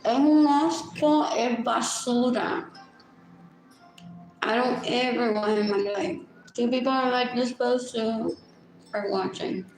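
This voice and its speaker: A woman's voice: on the high side, takes it slowly, long pauses, a little mellow, echoey room, faint music behind, poor audio. A woman livestreaming a rambling, repetitive monologue, muttering and switching between languages.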